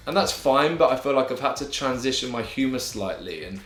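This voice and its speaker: A man's voice: mid-range voice, expressive, brisk, fairly bright tone. A young man with an English accent, answering viewer questions in an advice vlog in an earnest, encouraging way with friendly slang. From England. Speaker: YouTuber. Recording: echoey room with music bed.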